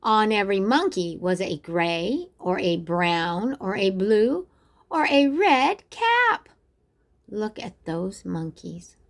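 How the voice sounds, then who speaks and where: An older woman reading a picture book aloud to children, expressively, and pausing to ask the listener questions. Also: medium pitch, lively intonation. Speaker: storyteller.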